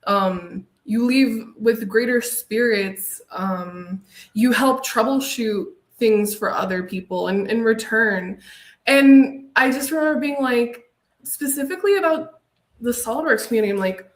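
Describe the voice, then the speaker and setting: A woman guest in a casual podcast chat, reflective and halting, with many fillers and sudden lifts in pitch. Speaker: podcast guest, design software user group leader.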